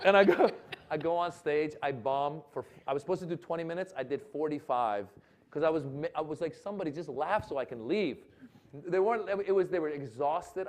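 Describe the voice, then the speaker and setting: A male comedian telling a long anecdote at a live talk event, acting out voices and shouting for laughs. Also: fairly high pitch. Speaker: comedian guest. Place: lecture event with audience.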